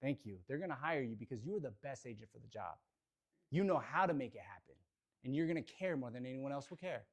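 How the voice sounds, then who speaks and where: A man's voice: mid-range voice, animated, quick pace. A man leading a live real estate training session, speaking energetically and motivationally straight to the audience.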